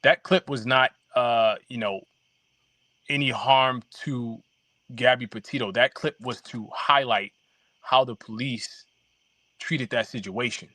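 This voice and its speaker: A man guest on a podcast, telling his story haltingly with many fillers and restarts. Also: mid-range voice, steady tone, pushed and bright, no echo. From New York. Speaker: documentary filmmaker guest. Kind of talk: casual podcast interview.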